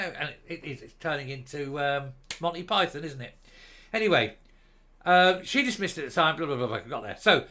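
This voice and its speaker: Sarcastic ranting man, bright voice. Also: a little high. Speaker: commentary vlogger. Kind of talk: opinionated commentary on a news article.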